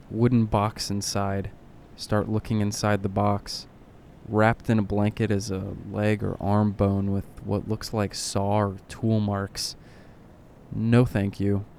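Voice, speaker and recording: A man narrating horror stories in a deadpan way, with occasional dry asides. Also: fairly low pitch, a little hiss or hum. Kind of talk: reading horror stories aloud.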